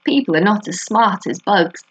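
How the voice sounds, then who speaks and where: A woman voicing a patient, clever female spider while reading a storybook aloud, calm and thoughtful. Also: mid-range voice, normal speed, husky, no room sound, poor audio. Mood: musing.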